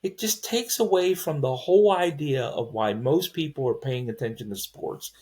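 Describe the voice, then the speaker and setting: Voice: mid-range voice, lively intonation, moderate pace, a little mellow. A podcast host in a casual sports chat, rambling with many restarts, opinionated and exasperated. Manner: rambling, with frequent restarts and fillers.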